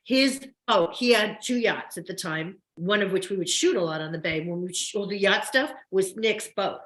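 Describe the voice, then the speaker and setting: An older woman from New Jersey with a New York–New Jersey accent, an actress telling stories in a casual interview, quick and chatty. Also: mid-range voice, fairly bright tone, reverberant, low-quality recording. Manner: fast, chatty storyteller. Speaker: guest, soap opera actress.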